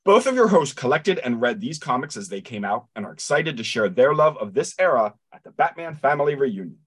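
A man's voice: mid-range voice, sing-song, a little fast, slightly rough. A man co-hosting a podcast, with dry jokes and a read-out show introduction. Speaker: podcast co-host. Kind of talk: casual chat and read introduction.

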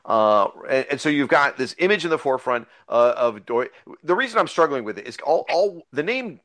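A man's voice: mid-range voice, big pitch swings, a little fast, fairly bright tone. A man hosting a casual podcast chat, rambling and enthusiastic, with many fillers and restarts. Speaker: podcast host.

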